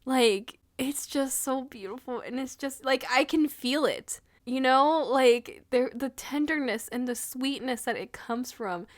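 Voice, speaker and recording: A woman's voice: high-pitched, a little slow, hardly any pauses, no room sound, studio quality. A woman reviewing an anime episode in a casual, gushing and emotional way, with lots of fillers.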